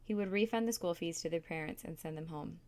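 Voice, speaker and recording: A woman reading a chapter of a novel aloud in a calm, steady narrating voice. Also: on the low side, fast talker. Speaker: reader.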